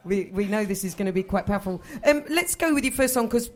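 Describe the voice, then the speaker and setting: Loud jokey woman host, middle-aged, live venue mic. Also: mid-range voice, expressive, fast. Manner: loud, bubbly, self-joking. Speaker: radio show host. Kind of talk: live show hosting, chatty. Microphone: stage microphone.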